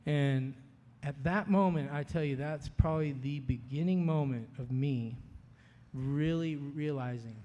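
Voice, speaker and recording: Animated man telling his story in a hall. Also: fairly high pitch, unhurried, dull audio. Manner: storytelling, acts out quoted voices, laughs often. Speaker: speaker sharing his testimony. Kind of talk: animated personal testimony. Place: conference hall. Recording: long hall reverb.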